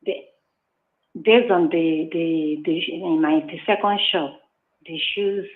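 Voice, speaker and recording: A woman calls in over a tinny phone line, speaking in a somewhat low voice. She talks haltingly and politely, restarting her sentences often. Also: steady tone. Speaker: guest caller, small business owner.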